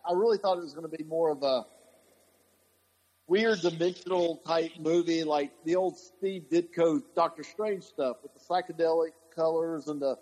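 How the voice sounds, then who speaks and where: A man's voice: fairly high pitch, normal speed, darkish tone, rough recording. A man co-hosting a podcast, chatting casually and rambling through his thoughts with plenty of fillers and restarts. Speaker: podcast co-host. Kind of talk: casual chat.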